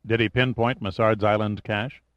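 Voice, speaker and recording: A man voicing a calm, commanding hero. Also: lowish voice, normal speed, no echo, natural voice. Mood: questioning. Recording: dull lo-fi audiobook recording.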